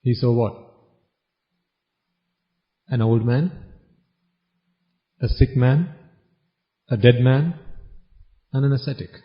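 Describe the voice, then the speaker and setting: A man's voice: medium pitch, takes it slowly, pauses often. A man giving a Buddhist sermon, teasing his listeners with one question after another in a wry tone. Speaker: Buddhist preacher. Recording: dull lo-fi recording.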